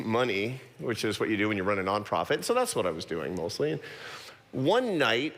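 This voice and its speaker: A middle-aged man giving a talk to an audience, telling a personal story with quick self-deprecating asides. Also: medium pitch, a bit bright. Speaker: guest speaker. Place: large church auditorium. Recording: long hall reverb.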